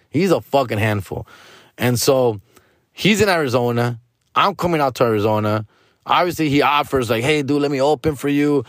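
A man's voice: medium pitch, dry recording, studio quality. Profane, slangy comedian man. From Los Angeles. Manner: profane, slangy, sprinkles Spanish words. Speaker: stand-up comedian. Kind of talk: comedic storytelling monologue.

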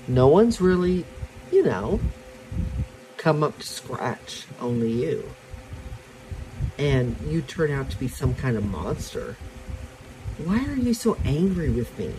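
A reader voicing a shy, inexperienced young woman in her early twenties who speaks in a hesitant, breathy way. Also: medium pitch, big pitch swings, slow, long pauses, background noise. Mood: flustered.

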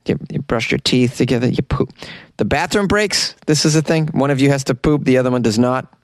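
A man's voice: mid-range voice, fairly quick. A man with a mid-range voice hosts a comic podcast of strange news, mocking each story with sarcastic asides. He is recorded in a small closet, and the sound is close and dry with no room echo. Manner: sarcastic, mocking commentary with laughs. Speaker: podcast host. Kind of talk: comedic weird-news podcast.

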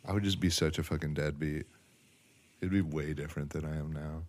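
Very deep-voiced, blunt, profane young man. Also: fairly even intonation, brisk, a little mellow, a little hiss or hum. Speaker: podcast co-host. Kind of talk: casual chat.

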